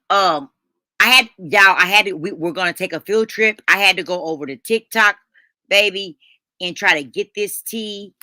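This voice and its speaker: Middle-aged woman, live-stream host; bright, forward tone, dry close mic, folksy and chatty. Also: lowish voice, animated, moderate pace, dry recording. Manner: chatty, calls viewers honey and baby; folksy slang, restarts and stumbles. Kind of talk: casual live stream chat.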